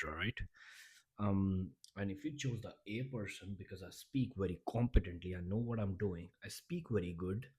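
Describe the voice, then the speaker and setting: A man's voice: fairly low pitch, darkish tone, slightly rough. A man giving a motivational vlog talk in an emphatic, repetitive and blunt way, often restarting his sentences. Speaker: YouTuber.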